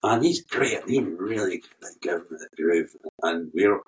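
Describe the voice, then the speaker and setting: A man's voice: deep voice, unhurried. An older Scottish man, a guest musician, telling rambling anecdotes with laughter and swearing. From Scotland. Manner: animated storyteller, laughs often, swears freely. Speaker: guest keyboard player. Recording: distant from the mic.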